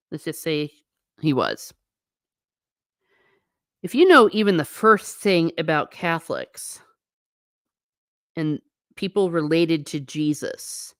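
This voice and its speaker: Low-voiced woman musing alone, chatty and sarcastic. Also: dry recording, clean studio sound. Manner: chatty, rambling, sarcastic asides. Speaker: channel host. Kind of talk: casual solo musing. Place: living room.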